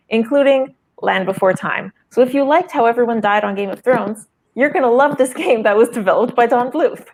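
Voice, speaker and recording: A woman comedian on a comedy game show, making a wry, deadpan pitch with dry asides. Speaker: comedian panelist and co-host.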